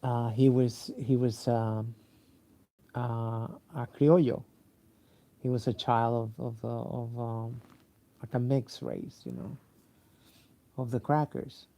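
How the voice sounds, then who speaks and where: A sleepy man with a dark, gravelly voice rambles slowly through a casual monologue. He stops often for fillers and restarts and swears freely. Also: mid-range voice, fairly even intonation. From Mexico. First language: Spanish. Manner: halting, many fillers and restarts, profane.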